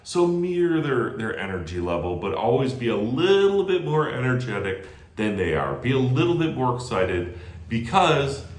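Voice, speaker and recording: A man giving energetic sales call training who often adds "right?" after his points. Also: medium pitch, normal speed, reverberant. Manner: energetic, animated, tags lines with "right?". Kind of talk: training talk.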